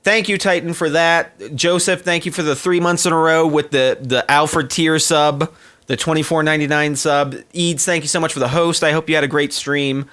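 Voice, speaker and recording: A man's voice: fairly high pitch, steady tone, normal speed, a bit bright, clean tone. A man streaming live, chatting casually to his viewers in a rambling, heartfelt way with many fillers and restarts.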